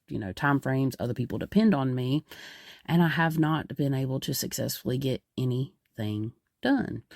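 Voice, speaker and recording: A woman's voice: a bass voice, vocal fry, darkish tone, dry recording, clean studio sound. A woman podcast host and medium, talking casually in an earnest, rambling way with many fillers.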